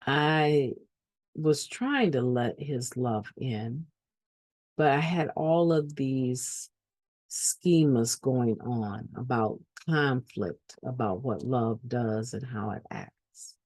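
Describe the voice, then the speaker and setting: A woman's voice: a bass voice, takes it slowly, a little mellow, no room sound. A woman giving an earnest personal testimony at a recovery meeting, repeating phrases for emphasis.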